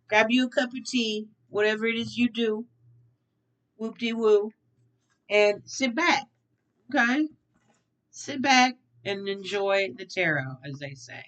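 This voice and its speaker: A sassy woman tarot reader chatting casually to her viewers. Her voice sits at a middling pitch, and she repeats her phrases playfully. She slides from soft, low murmurs into loud, teasing outbursts. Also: expressive, slow pace, long pauses. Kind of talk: casual tarot reading chat.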